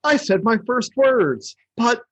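A man's voice: very high-pitched, very animated, slow, breathy edge, voice pushed up, heavily acted. A man voicing a newly alive cartoon snowman, wide-eyed and puzzled. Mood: bewildered.

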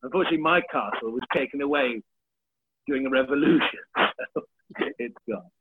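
A man's voice: mid-range voice, fairly quick. A man in his thirties, a comedian chatting as a podcast guest, joking about himself and swearing freely. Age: 30s. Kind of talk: casual chat. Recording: tinny phone-like line with faint hiss.

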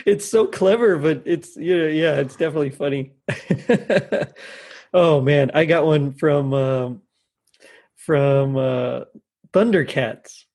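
Husky, slow-talking man, laughing often. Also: a little high, darkish tone. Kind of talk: casual chat.

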